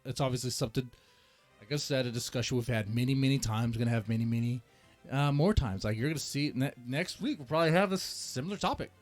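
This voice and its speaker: Male reaction host, casual rambling rant, jokey and self-deprecating, mid-pitched, soft music bed. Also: fast talker. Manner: rambling, joking, self-mocking, animated swings in pitch. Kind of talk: casual ranting commentary.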